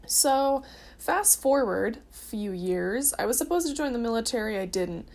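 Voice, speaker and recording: A woman's voice: fairly high pitch, lively intonation, unhurried, a little mellow. Chatty young woman, earnest storytelling. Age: early 20s. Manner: earnest and chatty, with filler words. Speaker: vlogger sharing her testimony. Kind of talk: casual personal storytelling.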